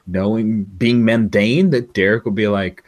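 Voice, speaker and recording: A man's voice: on the low side, steady tone, a little slow. A man as game master, chatting casually after a tabletop session and handing out praise to his players. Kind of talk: casual post-game chat.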